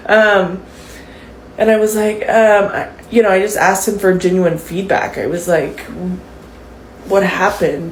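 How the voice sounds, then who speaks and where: A woman telling a dating story into her phone while tearful, rambling and halting with fillers. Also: medium pitch, fairly even intonation, echoey room, slight background noise, poor audio. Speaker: TikTok poster. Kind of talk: confessional vlog.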